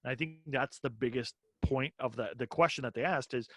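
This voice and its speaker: A man's voice: mid-range voice, fairly quick, no room sound. Opinionated male comedian on a podcast. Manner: opinionated, animated, acts out quoted exchanges. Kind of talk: casual podcast chat.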